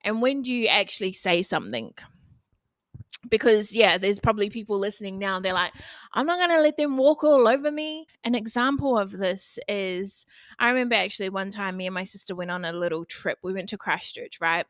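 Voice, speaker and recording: A woman's voice: medium pitch, a little fast, fairly bright tone, no room sound. A young woman hosting a solo motivational podcast, talking bluntly and casually and swearing freely. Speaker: podcast host.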